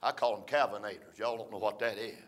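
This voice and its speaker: An older man preaching a folksy storytelling sermon, rising to shouts between drawn-out "uh" phrases. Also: lowish voice, fairly even intonation.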